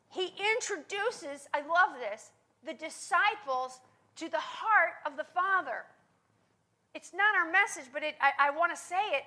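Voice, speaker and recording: A woman's voice: very high-pitched, normal speed, sharp tone. A woman teaching on prayer in a sermon style. She speaks with emphasis and often checks in with her listeners. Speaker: Bible teacher.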